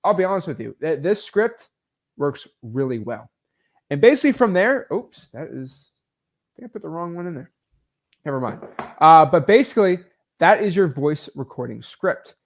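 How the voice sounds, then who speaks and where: A man teaching real estate wholesaling in a casual, energetic way, full of fillers like "like" and "um". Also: a little high, normal speed.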